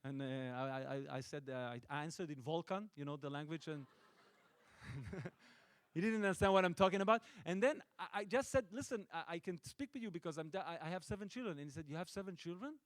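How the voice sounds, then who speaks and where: A middle-aged Israeli man, a native Hebrew speaker and film director, answering audience questions with playful, deadpan jokes and frequent restarts. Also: fairly high pitch, a little fast, no echo. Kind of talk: joking audience Q&A. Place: stage at a film festival event.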